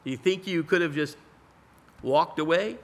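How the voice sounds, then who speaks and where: A man preaching a sermon in a dramatic storytelling way, swinging from loud pleas to hushed lows. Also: moderate pace. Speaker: pastor.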